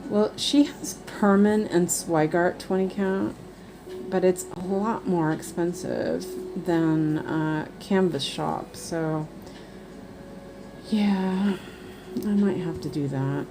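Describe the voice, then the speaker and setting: A woman's voice: on the low side, slow, background noise. A woman chatting casually and rambling on a live stream while she does cross-stitch. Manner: rambling, chatty, many fillers.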